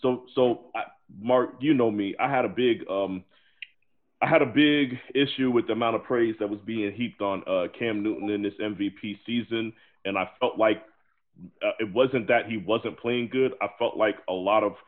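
A man's voice: fairly low pitch, moderate pace. A man co-hosting a sports podcast, eagerly jumping in to make his points in casual chat. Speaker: podcast co-host. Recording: tinny phone-like line.

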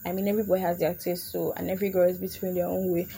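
A woman's voice: lowish voice, little pitch movement, rapid-fire, creaky, mellow. Young female podcaster, casual comedic monologue, playful and chatty, faint room noise. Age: young adult. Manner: chatty, laughing, slipping into put-on voices. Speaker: podcast host.

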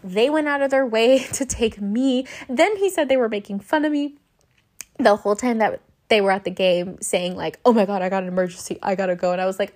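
A woman's voice: medium pitch, a little mellow. A young woman hosting a podcast, telling a personal story casually and animatedly, swearing and acting out her own panicked lines. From Southern California. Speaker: podcast host.

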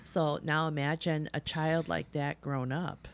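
A woman in casual chat, telling animated stories full of swearing and putting on voices when she quotes people. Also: deep voice, measured pace, a little hiss or hum. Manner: animated storyteller, swears freely, puts on voices when quoting others; laughs often.

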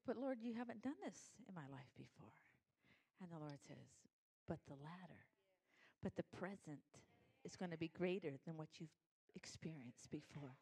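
A woman preacher delivering a sermon, swinging from low, soft intensity to fervent, repeated proclamations.

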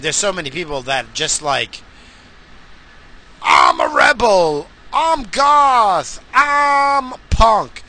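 Sharp-voiced ranting man, swearing hard. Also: on the high side, slight background noise. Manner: heated, swearing, bursts into shouts. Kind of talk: profane comedic rant.

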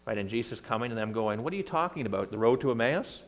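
Animated preacher in a reverberant church. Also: male voice, mid-range voice, fast talker. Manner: conversational, animated reading of scripture with bursts of emphasis. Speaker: pastor. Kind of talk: sermon. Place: church sanctuary.

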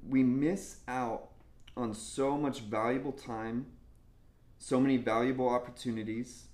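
A young man preaching a sermon in a casual, animated way, with laughs and asides. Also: mid-range voice. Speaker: pastor. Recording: echoey room.

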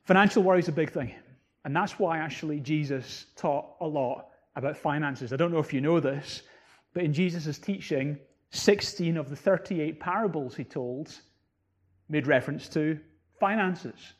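A man's voice: a little high, moderate pace. A man preaching a sermon, reading scripture and explaining it with rising emphasis on key words. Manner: quotes and explains scripture verse by verse. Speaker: pastor.

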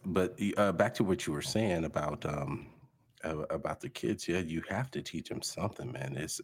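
Middle-aged man, very low husky voice, relaxed fatherly talker. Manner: relaxed, fatherly, hesitant with fillers. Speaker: podcast guest. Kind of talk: casual chat.

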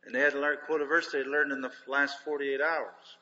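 A man's voice: medium pitch, steady tone, normal speed, bright, forceful tone. An older man preaching a sermon, telling folksy stories with emphasis. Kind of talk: sermon storytelling. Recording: dull lo-fi recording in a reverberant hall.

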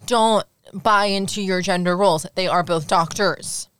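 Young woman, teasing and opinionated, smooth voice, dry sound. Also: lowish voice, a little slow, fairly bright tone, no echo. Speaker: podcast co-host. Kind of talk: casual chat.

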